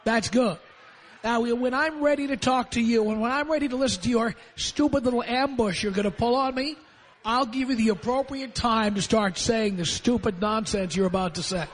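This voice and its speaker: A man's voice: extremely high pitch, normal speed. A man hosting a call-in radio show from a studio, lecturing a caller in a sarcastic, domineering way. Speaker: radio talk show host. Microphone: studio microphone.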